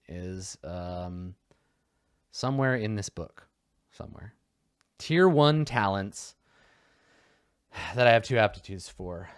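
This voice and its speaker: A man casually talking through tabletop character creation, excitable, laughing and swearing freely. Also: lowish voice, dry recording, clean studio sound. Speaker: tabletop game player.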